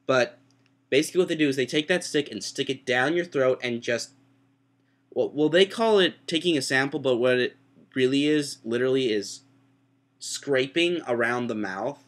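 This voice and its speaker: Rambling sick young man vlogging. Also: normal speed. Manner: rambling, self-mocking, jumps into high voices for quotes. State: sick with a sore throat. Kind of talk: casual storytelling.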